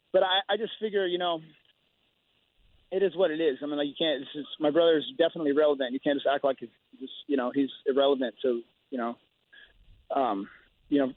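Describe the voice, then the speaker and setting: Male interview guest, rapid and rambling with halting restarts; dry, tinny phone audio. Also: on the high side, no room sound. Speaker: guest fighter.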